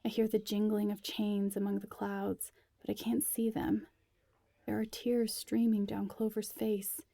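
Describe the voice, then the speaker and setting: A woman reading a first-person story aloud in a quiet, intimate way, sometimes dropping to a breathy whisper. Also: medium pitch, level tone, unhurried, no echo. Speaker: narrator.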